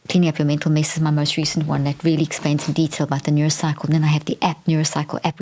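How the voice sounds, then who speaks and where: A woman's voice: sits low, a little mellow. A woman hosting a podcast, explaining earnestly in a monologue and often repeating words and restarting as she goes. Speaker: podcast host.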